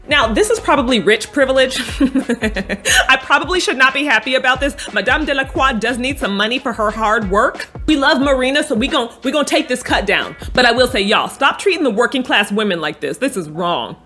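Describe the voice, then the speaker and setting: A young woman casually recapping a TV episode in a sassy, animated way, swearing freely and acting out the characters' lines. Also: high voice, a little fast, faint music behind. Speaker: recap host.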